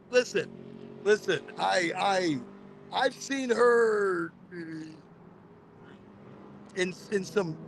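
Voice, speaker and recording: A man's voice: sits high, vocal fry, a bit bright, a little hiss or hum. A man hosting a live cannabis podcast, chatting casually and rambling, often repeating words as he tells stories. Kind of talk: casual livestream chat. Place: Florida.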